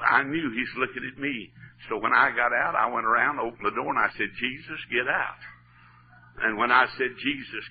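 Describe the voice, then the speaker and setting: A man preaching a revival sermon in a church, fervent, dropping to hushed storytelling and rising to shouts. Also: medium pitch. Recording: tinny narrow-band old recording with faint hiss.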